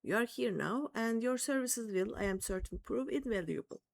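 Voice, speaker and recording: A woman's voice: fairly high pitch, expressive, moderate pace, gravelly. A woman voicing a pompous male scholar who leads an archaeological expedition, reading the game lines aloud in a formal, stilted manner.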